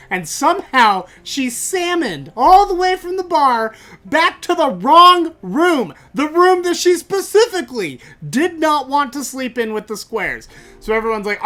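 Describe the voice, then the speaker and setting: A podcast host telling comic stories in an animated, jokey way. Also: male voice. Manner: animated, jokey, rises in pitch when excited. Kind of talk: comic storytelling.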